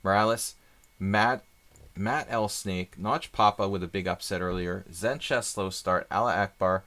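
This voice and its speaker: A man's voice: deep voice, a little slow, fairly bright tone. A man doing live chess stream commentary, chatty and thinking aloud with rambling asides.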